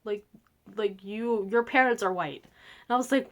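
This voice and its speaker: A woman's voice: medium pitch, normal speed. A young woman vlogger telling a childhood story in a rambling, giggly, self-mocking way, full of "like" and "um". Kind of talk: casual storytelling vlog.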